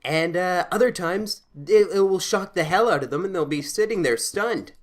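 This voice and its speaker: Animated Canadian guy spinning a yarn. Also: high-pitched, normal speed. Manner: animated, excitable, acts out quotes loudly. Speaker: gameplay commentator. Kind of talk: casual storytelling over gameplay.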